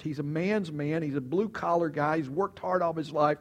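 Brief: male preacher, dramatic sermon storyteller, voice a bit high. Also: normal speed, few pauses. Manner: animated, dramatic retelling with acted voices.

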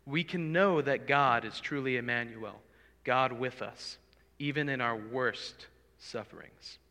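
A man delivers a sermon with earnest, pleading conviction, his voice bright and forceful. He swells to loud cries for emphasis. The sound carries a long reverb, as in a big hall. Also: mid-range voice, measured pace. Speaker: preacher.

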